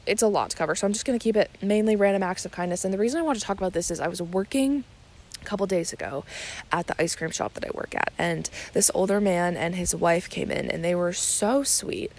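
A woman's voice: fairly low pitch, quick pace, darkish tone. A young woman hosting a casual solo podcast, chatty and rambling, with many fillers and restarts. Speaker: podcast host.

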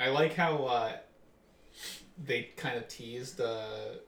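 A man co-hosting a casual chat podcast, laying out plot points in a relaxed, explanatory way. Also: mid-range voice, slow, vocal fry. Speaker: podcast co-host. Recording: echoey room, far from mic.

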